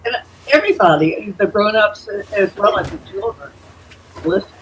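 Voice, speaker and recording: A woman's voice: mid-range voice, moderate pace, slight background noise, poor audio. An elderly woman storyteller chatting casually on a video call, telling anecdotes with many "uh"s and "you know"s. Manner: warm anecdotal, chuckling asides, frequent "uh" and "you know". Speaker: storyteller guest.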